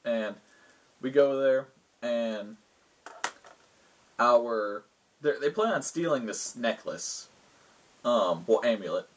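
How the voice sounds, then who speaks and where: A man's voice: medium pitch, lively intonation, slow, long pauses, a little hiss or hum, low-quality recording. A man, the host, casually retelling a tabletop game session he ran, rambling with lots of fillers. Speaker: game master recounting a session. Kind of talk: casual storytelling.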